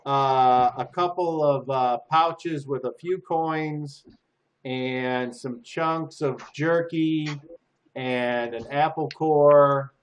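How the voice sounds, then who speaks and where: Give me a man running a tabletop game, loose and rambling, ordinary pitch. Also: steady tone, very slow, slight background noise. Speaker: game master. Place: home.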